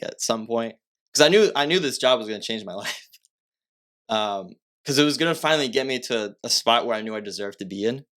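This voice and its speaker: A young man from Massachusetts, a guest on a podcast, tells a story in loose conversation, rambling with plenty of filler words and correcting himself. His voice is medium in pitch and a bit bright.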